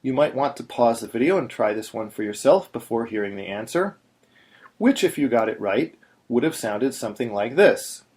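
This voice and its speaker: Guy teaching torah chanting, patient and plain, middle pitch. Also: expressive, moderate pace, darkish tone. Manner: patient, plain-spoken, sings short chanted examples. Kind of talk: instructional video narration.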